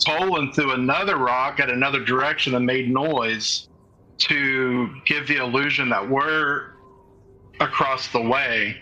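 A man's voice: medium pitch, unhurried, pushed and bright, highs cut off. A man playing in a tabletop game, explaining his moves casually. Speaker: player.

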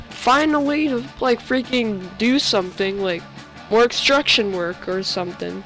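A young male gamer giving rambling, excitable commentary while playing, often breaking into sudden outbursts. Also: high voice, unhurried. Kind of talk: game commentary. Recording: faint music behind.

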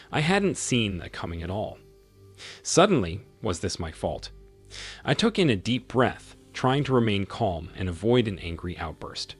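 A man narrating a scripted first-person story in a measured, expressive reading. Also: fairly low pitch, husky, faint music behind.

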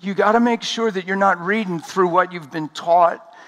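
A man preaching an energetic sermon at a conference, talking fast and laughing along the way. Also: high voice.

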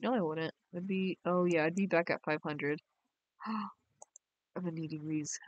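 A woman's voice: on the low side, no room sound, highs cut off. A young woman, chatting casually on a game live stream and reading her chat aloud in a bubbly way. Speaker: game livestreamer.

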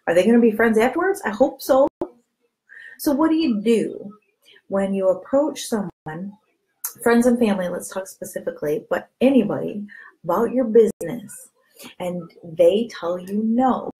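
A woman's voice: medium pitch, normal speed, rough recording. A woman coaching her direct sales team to camera in a candid, chatty way, acting out conversations with friends. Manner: animated, acts out quoted friends with voice changes; candid, chatty, repeats catchphrases.

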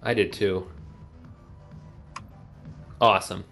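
A man playing a co-op video game with a friend, chatting casually and joking, with loud exclamations. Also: low-pitched, slow, gravelly, soft background music. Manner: animated, jokey, exclaims loudly. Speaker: co-op player.

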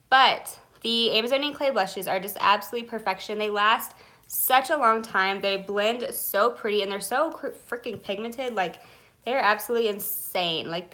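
A woman's voice: mid-range voice, pushed and bright. A young woman, chatting live about her favorite beauty products in a gushing, chatty way, a little nervous and stumbling now and then. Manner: gushing, chatty, many fillers; nervous, self-conscious. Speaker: beauty vlogger.

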